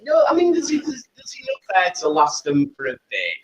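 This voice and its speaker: A man's voice: sits high, huge pitch swings, normal speed, highs cut off. A man co-hosting a podcast in casual chat, chatty and jokey, drifting into mock voices. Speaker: podcast co-host. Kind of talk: casual chat at a live pub recording.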